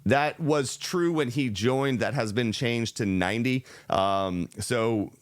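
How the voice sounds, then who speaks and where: A man hosting a reaction video, explaining a business model in a measured, step-by-step way with some restarts. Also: medium pitch. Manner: measured, explanatory, restarts and fillers, speeds up and slows down. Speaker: real estate channel host reacting to a video.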